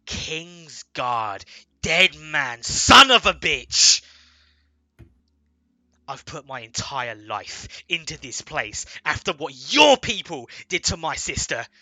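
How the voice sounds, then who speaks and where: A man voicing a furious young male lieutenant who shouts and curses, in a tabletop game. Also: medium pitch, drawn-out words, long pauses, no echo, exaggerated voice. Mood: enraged. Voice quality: shouting, strained.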